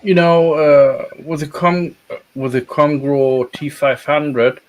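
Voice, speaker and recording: A man's voice: on the high side, fairly even intonation, slow, rough recording. Hesitant man with phrasing. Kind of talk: casual podcast chat.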